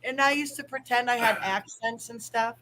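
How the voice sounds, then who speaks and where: A woman's voice: a little high, moderate pace, background noise. A woman from the Chicago area co-hosting a live stream panel, chatty, swearing and laughing often. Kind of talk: casual livestream chat.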